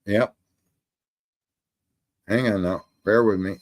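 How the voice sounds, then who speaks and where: A man's voice: fairly low pitch, fairly even intonation, takes it slowly. A man hosting a call-in livestream, telling stories in a rambling, profane, casual way and laughing at his own jokes. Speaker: call-in show host.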